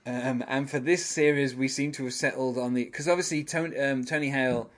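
A man's voice: medium pitch, fairly even intonation, a little fast, fairly bright tone. A man hosting a casual podcast, rambling through an episode recap with many fillers and frequent chuckles. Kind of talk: casual chat.

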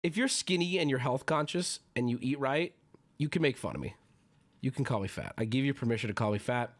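A man in his thirties ranting to his stream chat, exasperated and loud, mocking people in whiny voices. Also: mid-range voice, animated, fairly quick.

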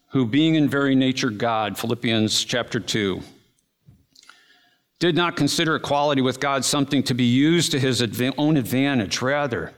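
A man preaching a sermon, telling a story with animated energy and dramatic slow-downs. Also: medium pitch, long reverb tail. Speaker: pastor.

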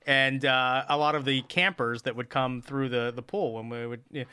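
A man's voice: medium pitch, fairly even intonation, normal speed, pushed and bright, smooth, no echo. A man chatting casually, telling rambling stories with mock outrage. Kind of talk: casual chat.

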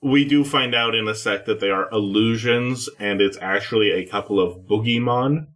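Bright-voiced man making wry remarks. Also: on the low side, normal speed. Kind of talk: casual chat recapping an episode.

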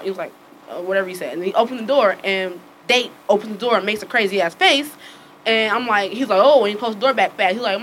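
A woman telling a story casually to friends, acting out the dialogue with lively swearing and frequent laughter. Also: medium pitch, fast talker, a little hiss or hum, rough recording. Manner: animated, acts out quoted dialogue with swearing; laughs often while telling.

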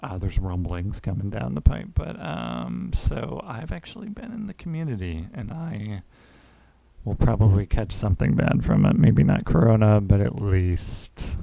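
A man's voice: lowish voice, big pitch swings, unhurried, creaky, mellow, no echo. A man co-hosting a podcast in casual chat, dry and rambling with many fillers. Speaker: podcast co-host.

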